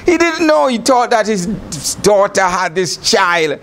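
Male bishop, Trinidad and Tobago accent, high-pitched, lively storytelling sermon. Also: measured pace. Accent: Trinidad and Tobago English. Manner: animated storytelling, laughing often. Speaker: bishop, preacher. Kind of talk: sermon broadcast.

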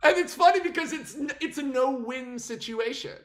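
A casual film-commentary vlogger talks straight to camera in a loose, unscripted rant. The voice is animated and disbelieving, jumping between hushed asides and loud incredulous outbursts, with frequent self-corrections. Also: high voice, moderate pace. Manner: animated, incredulous, breaks into laughter, self-interrupting.

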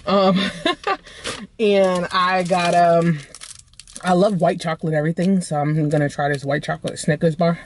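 A woman's voice: lowish voice, little pitch movement, unhurried, slight background noise. A woman vlogging casually from her car into a phone, chatty and rambling, calling her viewers y'all. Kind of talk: casual vlog chat.

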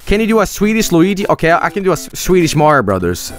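A man streaming a retro game, his voice leaping between low mutters and high yelps. He swears and shouts freely, a touch high for a man. Faint game music plays underneath. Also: very animated, fast, hardly any pauses. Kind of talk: live gameplay commentary.

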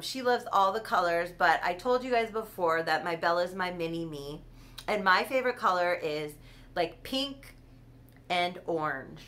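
A woman's voice: on the low side, fairly bright tone. A woman chatting casually on her own vlog, rambling and giggling as she goes. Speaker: doll collector hosting her channel.

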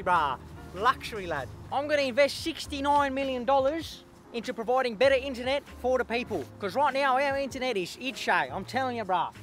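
Pitching his voice very high and a bit bright, an Australian comedy sketch creator performs as a brash young eshay street lad now serving as prime minister. His delivery is cocky, slangy and full of swagger.

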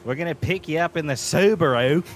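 A man's voice: a little high, brisk, music in the background, lightly acted. A man doing an exaggerated, put-on Australian accent as a crude, rowdy bloke who drawls slang and swears. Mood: mock bravado. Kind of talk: jokey impression on a game stream.

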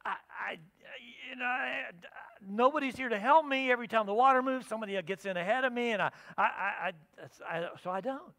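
A man's voice: very high-pitched, a little fast, pushed and bright, voice pushed up, heavily acted. A man voicing an evasive beggar who stammers through his excuses. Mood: flustered excuse. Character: flustered healed beggar man, middle-aged, evasive. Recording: reverberant church hall.

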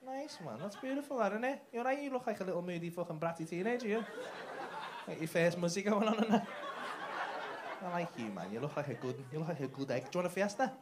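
Male comedian, crowd work, lively swooping delivery, sweary banter, noisy live club sound. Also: sits high, fast talker. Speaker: stand-up comedian. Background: audience laughter.

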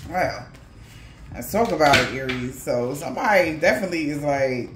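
A woman's voice: low-pitched, expressive, moderate pace, background noise. Blunt, profane woman reading tarot. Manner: blunt, slangy and profane, with laughing asides. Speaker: tarot reader. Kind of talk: casual tarot reading to viewers. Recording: echoey room.

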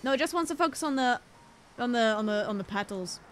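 A woman's voice: a little high, expressive, fast talker, a little hiss or hum. A woman streaming a game, chatting playfully, joking at herself and laughing often. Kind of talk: casual game-stream commentary.

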